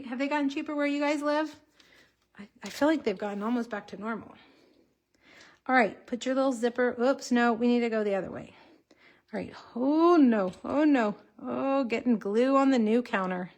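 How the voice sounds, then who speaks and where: A woman's voice: a little high, moderate pace. A woman in her forties hosting a casual card-making livestream, chatting to viewers as she works. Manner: chatty, talks to viewers while crafting.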